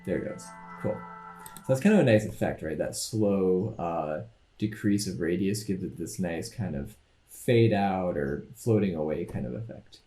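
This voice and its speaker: A man teaching a coding lecture over his screen, explaining each step in a relaxed, thinking-aloud way. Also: deep voice, normal speed, echoey room, soft background music. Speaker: instructor.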